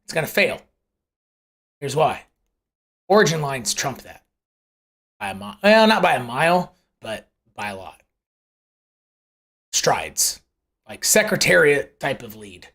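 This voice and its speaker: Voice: medium pitch, big pitch swings, takes it slowly, vocal fry, long pauses, fairly bright tone. A live show host giving casual, rambling commentary on price charts, often correcting themselves mid-sentence and asking rhetorical questions. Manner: conversational and rambling, with self-corrections; uses homely analogies and rhetorical questions.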